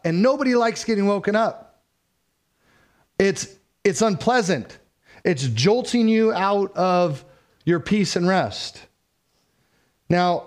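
A man's voice: high-pitched, darkish tone. A middle-aged man, a pastor, preaching a sermon in a conversational way with personal stories.

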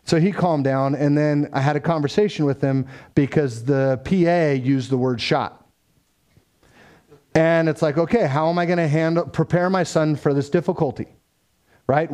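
Speaking at a normal pace, this man has a somewhat high, darkish voice. He shares a family story with a touch of faith, keeping it conversational, peppering it with fillers, and voicing the characters' lines himself.

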